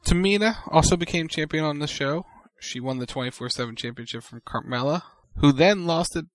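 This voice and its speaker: A man's voice: a little high, fairly quick, dry recording. A man co-hosting a casual wrestling recap, giving brief matter-of-fact summaries. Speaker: podcast co-host.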